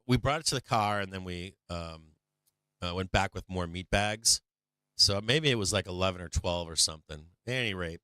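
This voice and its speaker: Man, deep voice, crisp and bright, dry close sound, casual rambling stream talk, swears a lot. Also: no echo. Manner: rambling, profane, lots of fillers. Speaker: stock market stream host. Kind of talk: casual live-stream storytelling.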